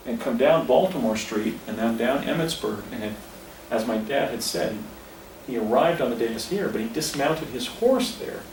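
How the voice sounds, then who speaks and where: A man's voice: mid-range voice, far from the mic. A man in his fifties tells a story in a rambling way, often stopping to correct himself and point at spots around him. He speaks outdoors, some way from the mic, so his voice echoes, with faint outdoor noise behind it. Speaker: speaker recounting an experience. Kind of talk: casual storytelling on location. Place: outdoors at a historic site.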